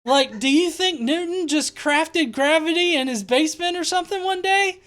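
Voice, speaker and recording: A young man hosting a live stream reads viewer comments aloud and mocks them, laughing, swearing constantly and dripping sarcasm. His voice is very high-pitched and fairly bright, at a moderate pace.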